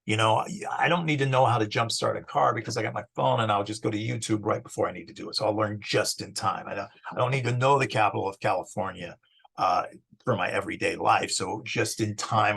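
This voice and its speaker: Middle-aged man, gravelly and husky, a relaxed rambling teacher for an intro course. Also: lowish voice. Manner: conversational, digressive, restarts phrases. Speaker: psychology teacher. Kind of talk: casual lecture introduction.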